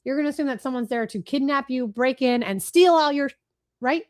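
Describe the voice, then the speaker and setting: A woman in her thirties hosts a live webinar from her desk, chatting fast to a computer screen. Her voice sits a little high and her talk is rambling and self-deprecating, full of asides. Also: darkish tone. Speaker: webinar host, marketing speaker. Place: home office, talking to a computer.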